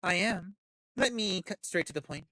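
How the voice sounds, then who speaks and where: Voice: medium pitch, expressive, moderate pace, bright, forceful tone, dry recording, clean studio sound. A streamer reading as a poised vampire patroness. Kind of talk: reading game dialogue aloud.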